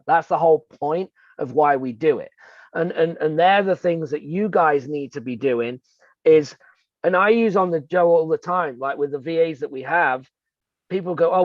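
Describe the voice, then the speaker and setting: A man's voice: a little high, dry recording. Earnest man coaching over muffled audio. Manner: earnest, explains with examples and rhetorical questions. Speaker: real estate coach and co-host. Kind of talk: conversational coaching talk.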